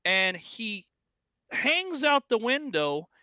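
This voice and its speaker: A man co-hosting a casual podcast, telling stories animatedly and loudly acting out what people said. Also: extremely high pitch, slow, clean tone, dry recording, clean studio sound. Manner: animated storyteller, acts out quotes loudly. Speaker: podcast co-host. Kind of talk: casual chat.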